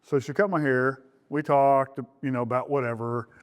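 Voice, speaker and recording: Man, middle-aged, groom, candid storytelling, pitch jumps when quoting, interview. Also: steady tone, moderate pace. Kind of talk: recorded interview about his relationship.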